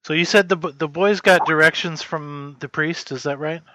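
Higher-voiced man at a game table, faint noise. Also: normal speed, pushed and bright, low-quality recording. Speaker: player. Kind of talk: casual chat at a game table.

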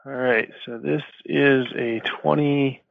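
A man plays a tabletop game in a gravelly voice, quick and matter-of-fact. His voice comes through a thin, phone-like voice chat line. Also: mid-range voice, steady tone. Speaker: player. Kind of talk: casual tabletop play.

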